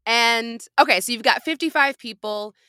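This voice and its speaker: Bright, upbeat woman podcast host. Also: on the high side, normal speed, clear, resonant tone, no room sound, clean studio sound. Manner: upbeat, encouraging, playful. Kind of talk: casual chat.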